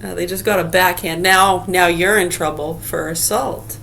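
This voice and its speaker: A middle-aged woman with a low, gravelly voice rants into her camera, sarcastic and heated. She swears freely. Faint noise sits under her voice. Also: fairly even intonation, moderate pace, fairly bright tone. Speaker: vlogger. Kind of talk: casual ranting monologue.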